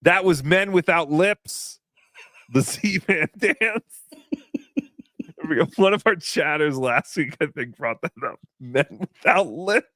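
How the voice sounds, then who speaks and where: A man's voice: a little high, expressive, slow pace, sharp tone, no room sound, clean studio sound. Joking, rambling male stream host. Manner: rambling, joking, self-deprecating. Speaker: livestream host reading chat donations. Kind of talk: casual livestream chat.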